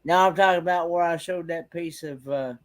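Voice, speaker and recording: A man's voice: fairly high pitch, fairly even intonation, a little fast. A man hosting a casual late-night livestream chat. He halts often and repeats words while he searches for what to say. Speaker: livestream host.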